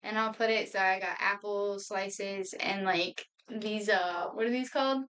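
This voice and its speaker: A woman's voice: mid-range voice, steady tone, measured pace, a bit bright, clear, resonant tone. Streamer woman in her twenties, rambly casual chatter at home, a little distant from the mic. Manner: rambling, chatty, laughs often, talks while eating. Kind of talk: casual chat to a live stream. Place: home room.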